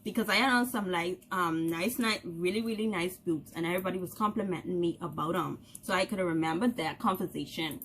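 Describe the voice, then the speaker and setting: A young Bahamian woman vlogger telling a story to camera in a casual, animated way, laughing often and acting out the voices of the people she quotes. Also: lowish voice, brisk, hardly any pauses, a little hiss or hum.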